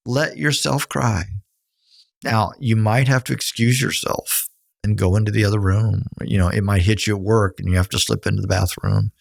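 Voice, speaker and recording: A middle-aged podcast co-host who works as a counselor offers earnest, coaching advice about grief in a conversational style, quoting people in a higher voice. His voice has vocal fry, and the recording is studio quality with no room sound.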